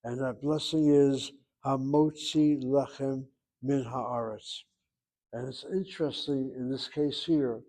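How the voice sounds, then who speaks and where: A middle-aged man teaching Hebrew in a classroom lecture, thinking aloud and pausing to search for terms. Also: mid-range voice, darkish tone.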